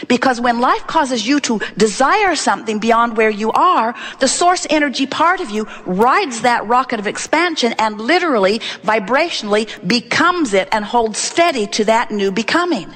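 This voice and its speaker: A woman giving an inspirational talk to a live audience, deliberate and emphatic, repeating phrases for effect. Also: on the high side, expressive, a bit bright, big-room sound. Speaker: inspirational speaker.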